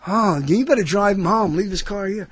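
A man's voice: sits high, moderate pace, slightly rough. A man hosting a casual comedy podcast, rambling and joking, slipping into mock announcer bits. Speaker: podcast host.

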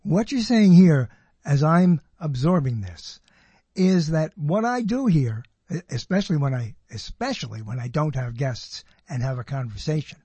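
Older male talk host, slightly high and husky, casual and searching, restarts often. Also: lively intonation, normal speed, mellow, no room sound. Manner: thinks aloud, restarts and hedges. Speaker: radio show host. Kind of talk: casual conversation.

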